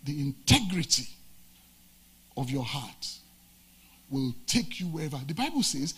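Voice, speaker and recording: Male pastor from nigeria preaching, high husky voice, goes loud then drops real low. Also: very animated, normal speed. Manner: preaching with dramatic swings of pitch and volume. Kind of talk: sermon.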